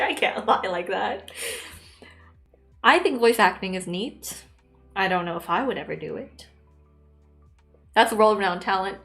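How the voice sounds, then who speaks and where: A woman's voice: medium pitch, expressive, unhurried, vocal fry, long pauses, fairly bright tone. A woman streamer chatting casually while she draws, rambling and tossing off sarcastic asides. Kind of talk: casual chat while drawing. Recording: roomy with faint music.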